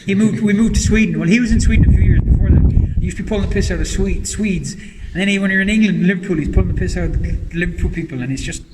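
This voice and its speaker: A man's voice: high-pitched, rapid-fire, few pauses. A man telling stories and swearing in casual podcast banter, jumping from topic to topic. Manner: swearing, storytelling, jumps between topics. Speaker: podcast guest. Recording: noisy, reverberant, mic at a distance.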